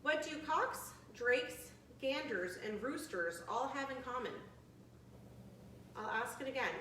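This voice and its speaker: A woman in her forties leading a bird trivia quiz for seniors, chatty and friendly, reading questions out slowly. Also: sits high, expressive, fairly bright tone, a little hiss or hum. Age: 40s. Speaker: activity leader. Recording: echoey room, from a distant mic.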